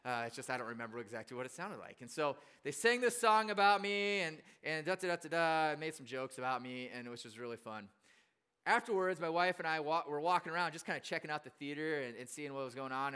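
A man's voice: a little high, sharp tone, smooth. A male pastor preaching a casual storytelling sermon in a chatty, self-deprecating way. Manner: chatty and self-deprecating, with frequent fillers and restarts.

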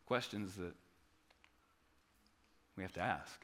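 Bright, dynamic preaching man. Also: low voice, takes it slowly. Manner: dynamic preaching, drops to soft quiet passages and rises to loud acted quotes. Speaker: pastor. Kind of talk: sermon.

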